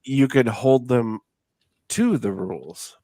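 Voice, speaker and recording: A man's voice: medium pitch, expressive, slow, warm tone, dry recording. A middle-aged man hosting a casual chat, tipsy and slightly slurring, ranting with plenty of profanity. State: tipsy from drinking. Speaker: podcast host.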